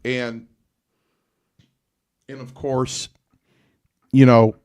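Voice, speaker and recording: A man's voice: medium pitch, little pitch movement, very slow, a little mellow, clean tone, no echo, studio quality. A man hosting a casual talk show, telling stories in a rambling way with many restarts and fillers. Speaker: podcast host. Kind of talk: casual chat.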